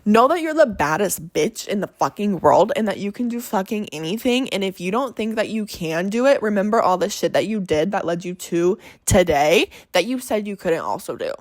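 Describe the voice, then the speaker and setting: A woman's voice: mid-range voice, lively intonation, moderate pace, hardly any pauses. Profane young woman podcasting solo. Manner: blunt, profane, rambling pep talk. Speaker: podcast host. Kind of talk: casual solo podcast monologue.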